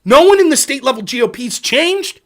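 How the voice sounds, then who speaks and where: A man's voice: very high voice, animated, moderate pace, fairly bright tone. A man hosting a political livestream, ranting heatedly and sarcastically with frequent swearing. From Pennsylvania. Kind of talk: profane political rant.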